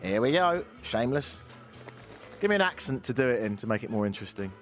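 A man's voice: mid-range voice, sing-song, quick pace, faint music behind. A man hosting a casual radio talk show, wry and sarcastic, rambling between topics. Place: radio studio. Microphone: studio microphone.

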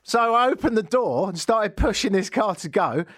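A man hosting a radio show, telling a joking story in an animated way from a studio. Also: high-pitched, normal speed, dry recording. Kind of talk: comic radio monologue.

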